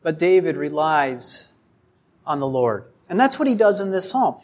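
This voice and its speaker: A man preaching a sermon, speaking deliberately with frequent rhetorical questions and acted-out quotes. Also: fairly high pitch, big pitch swings.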